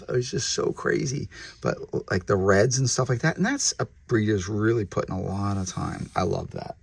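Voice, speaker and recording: A man who breeds reptiles, hosting a casual vlog while handling snakes, chatty and sometimes dropping to soft murmurs toward the animals, recorded on a handheld camera mic indoors. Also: lowish voice, creaky, husky, no echo. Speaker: reptile breeder and channel host.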